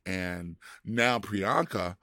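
A man's voice: low voice, very slow, pushed and bright, dry recording, studio quality. A man hosting a podcast, theatrical and playful as he introduces segments. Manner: theatrical, drawls "darling". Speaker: podcast host. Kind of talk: casual chat with segment intros.

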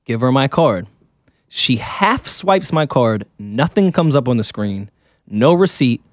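A man's voice: medium pitch, big pitch swings, unhurried, no room sound, clean studio sound. A young man co-hosting a casual podcast, telling an anecdote in a laid-back, chuckling manner. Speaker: podcast co-host. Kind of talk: casual storytelling banter.

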